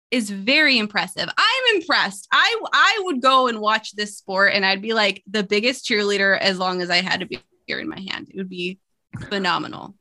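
A woman co-hosting a podcast in casual chat, chatty and quick to laugh. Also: medium pitch, pushed and bright. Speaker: podcast co-host.

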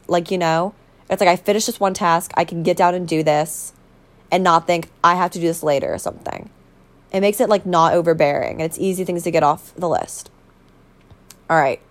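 A young woman hosting a casual solo podcast, rambling and bubbly, full of fillers and self-corrections. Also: fairly low pitch. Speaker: podcast host.

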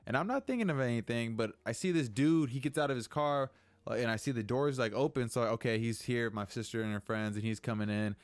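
A man's voice: mid-range voice, brisk, no room sound. A young man hosting a casual solo podcast, rambling and venting with lots of swearing. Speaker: podcast host.

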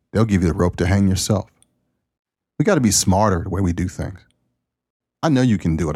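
Deep-voiced, folksy male podcast host. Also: a little mellow, no echo, clean studio sound. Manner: folksy, preachy, plain-spoken. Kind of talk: casual spoken monologue.

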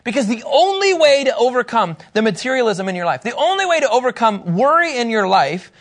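A man with a notably high voice preaches a sermon. He teaches with emphatic, animated delivery and acts out the quotes he reads. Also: a little fast. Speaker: pastor.

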